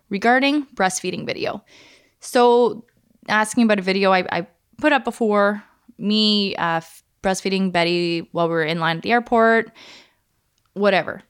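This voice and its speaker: A woman co-hosting a podcast in casual, animated chat, laughing often. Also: medium pitch, smooth. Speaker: podcast co-host.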